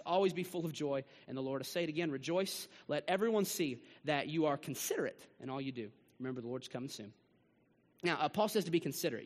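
A man preaching a sermon to his church, swinging between rising bursts and hushed drops. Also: fairly high pitch, long reverb tail. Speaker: pastor. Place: church sanctuary.

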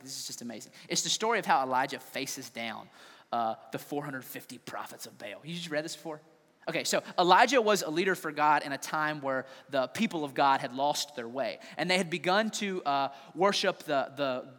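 A man preaching a sermon, telling a story with animated, playful voices. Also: fairly high pitch, fairly quick. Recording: long hall reverb.

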